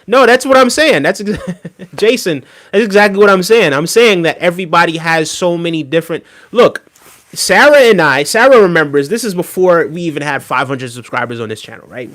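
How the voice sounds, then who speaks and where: A man's voice: sits high, expressive, brisk, a bit bright. A man hosting a live stream, chatting casually with viewers, reading their comments and ranting heatedly with lots of fillers. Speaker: livestream host.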